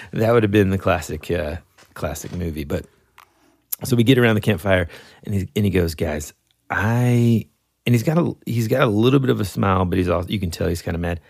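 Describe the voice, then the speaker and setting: A man casually telling a funny story, laughing often and acting out shouted lines. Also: sits low, normal speed, vocal fry, no echo. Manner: animated, laughs often, acts out yells.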